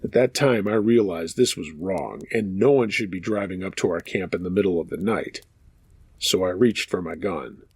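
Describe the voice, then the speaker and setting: A man's voice: deep voice, moderate pace, vocal fry, darkish tone, slightly rough, no echo. A man hosting a show of true scary stories, reading listener accounts aloud in a casual, profane storytelling manner.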